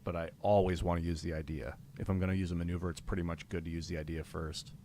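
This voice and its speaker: A man with a very deep voice talking through a card game on a live stream. He mulls over each move out loud in loose, swearing-friendly chat and gets loud and eager when thanking viewers. Faint noise sits under his voice. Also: fast talker. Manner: thinks aloud about moves, casual and profane; reads out donor names with rising excitement. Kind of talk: live-stream gameplay commentary.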